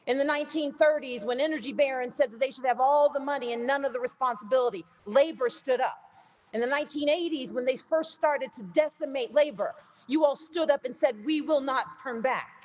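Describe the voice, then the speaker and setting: A woman with a somewhat high voice gives a rousing political speech to union workers. She tells a parable story and builds toward emphatic, repeated lines as she talks. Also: a little fast, darkish tone. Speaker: speaker at a labor union gathering.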